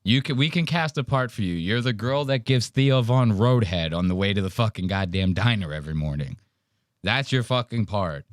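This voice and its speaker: Profane, animated male podcast host. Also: lowish voice, normal speed, no room sound, studio quality. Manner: profane, wry, reacting to clips. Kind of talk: casual podcast commentary.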